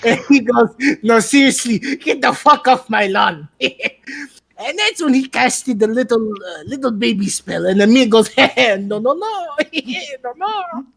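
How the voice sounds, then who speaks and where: A boastful, eccentric masked showman, as a tabletop player puts him on tells the tale of his own deeds in a slow, gravelly and husky voice. He swings from drawn-out bragging into sudden shouted outbursts at voices only he hears. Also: medium pitch, expressive, exaggerated voice. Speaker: player recapping the last session. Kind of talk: in-character session recap.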